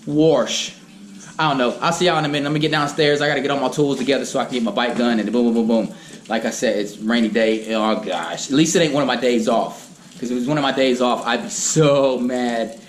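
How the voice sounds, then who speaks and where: A man's voice: mid-range voice, fairly quick, roomy sound. A young man with a Southern American accent, casually rambling to his vlog camera at home, recorded on a noisy camera mic. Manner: easygoing, rambling. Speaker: vlogger.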